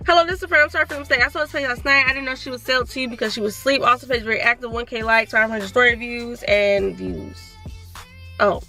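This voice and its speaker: High, bright-voiced young woman telling a story. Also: soft background music. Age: 20s. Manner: animated, reads messages aloud, talks fast. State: sore throat. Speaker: vlogger. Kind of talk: casual storytime.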